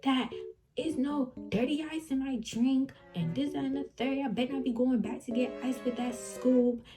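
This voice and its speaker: A woman puts on a furious drive-thru customer with a high, shrill voice. The customer hollers and scolds without letting up and sounds outraged about everything. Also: normal speed, over music, natural voice. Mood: indignant.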